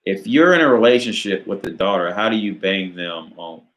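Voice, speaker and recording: A man's voice: sits low, lively intonation, normal speed, fairly bright tone, roomy sound. A man hosting a casual live Q&A on dating, reading out viewer questions and answering in a rambling, profane way full of filler words. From United States. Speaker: dating advice channel host.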